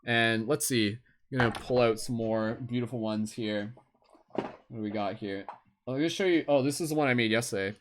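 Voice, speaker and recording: A man's voice: medium pitch, brisk, slight background noise. A young man with a Canadian accent hosting a live stream, chatting casually and rambling with lots of fillers. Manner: laid-back, rambling, with many fillers.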